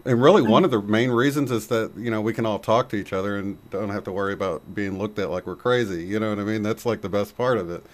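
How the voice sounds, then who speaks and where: A man with a lowish voice hosts a casual chat. He rambles and leans on fillers as he talks. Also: fast, few pauses. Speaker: host.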